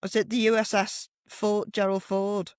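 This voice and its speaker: A podcast co-host with a mid-pitched voice talks politics in a blunt, sardonic way and giggles often. The recording is dry and close. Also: little pitch movement, moderate pace, clear, resonant tone, dry recording. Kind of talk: casual political chat.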